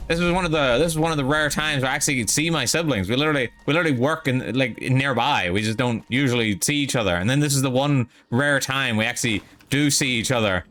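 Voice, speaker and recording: A man's voice: medium pitch, quick pace, hardly any pauses, a bit bright. A young man commentating his game on a live stream, loose and rambling. He swears freely and drifts between stories and gameplay in an ordinary mid-range voice. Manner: casual, rambling and profane.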